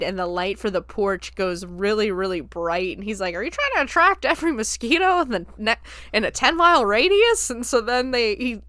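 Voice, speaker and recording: A woman hosting a film-review podcast casually recaps a movie scene by scene, laughing often and acting out the lines she quotes. Her mid-range voice is a bit bright and smooth. The recording is clean studio sound with no room sound.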